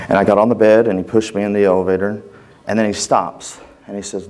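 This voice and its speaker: A man's voice: on the low side, little pitch movement, fairly quick, darkish tone. A man giving a personal church testimony in an earnest, conversational way, acting out the dialogue as he tells it.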